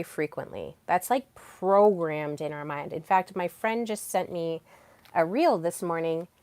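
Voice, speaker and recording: Brief: young woman podcast host, lower voice, earnest coaching delivery, dry close sound. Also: no echo. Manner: earnest, coaching tone with many fillers. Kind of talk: solo self-help podcast talk.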